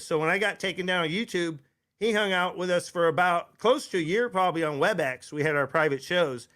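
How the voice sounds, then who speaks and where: A man's voice: a little high, fairly bright tone. Rambling casual male stream host. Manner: rambling, restarts, says "right?" often. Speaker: host of a live internet radio show. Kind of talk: casual live-stream chat. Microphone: desk microphone.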